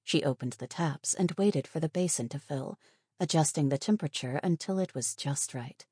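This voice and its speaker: A woman narrating an audiobook in a measured, even storytelling manner. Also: sits low, breathy edge, no echo, studio quality. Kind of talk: scripted narration.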